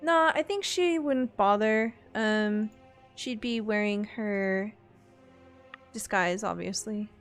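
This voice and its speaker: Woman, tabletop player, hesitant, slow, thinking aloud. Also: mid-range voice, soft background music. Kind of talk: tabletop game chat.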